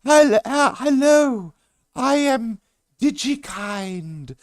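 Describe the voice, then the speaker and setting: A man doing a slow, high falsetto lady voice. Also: expressive, dry recording, studio quality, exaggerated voice. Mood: timid. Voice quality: high falsetto, drawn-out and breathy.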